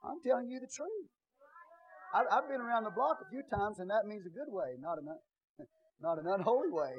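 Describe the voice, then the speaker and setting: A man preaching a sermon as pastor in a church, dropping to quiet asides and rising to loud shouts. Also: high voice, lively intonation, fairly quick, dry recording, dull audio.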